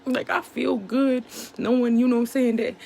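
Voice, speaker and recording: A woman's voice: on the high side, steady tone, moderate pace, vocal fry, a little mellow. A woman vlogger speaking candidly and emotionally to her viewers, in casual slang full of "you know what I'm saying". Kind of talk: candid personal monologue to camera.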